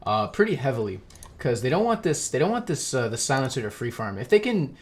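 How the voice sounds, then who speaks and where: This esports caster's mid-range voice has a sing-song lilt and moves a little fast. He's a young man doing rambling, casual solo match commentary, chewing on food between lines and frequently laughing at his own expense.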